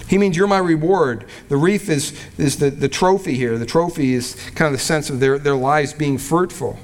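A man, a pastor, teaching a verse-by-verse sermon in a conversational way, with restarts, and reading scripture slowly. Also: fairly high pitch. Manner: conversational, with frequent restarts and fillers; reads scripture slowly and deliberately. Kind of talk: expository sermon.

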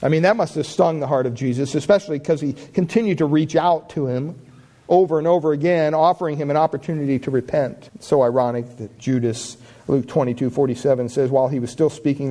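A man preaching a sermon with passion, reading scripture aloud and rising in pitch and volume on key lines. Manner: impassioned preaching, swells louder and higher on key lines.

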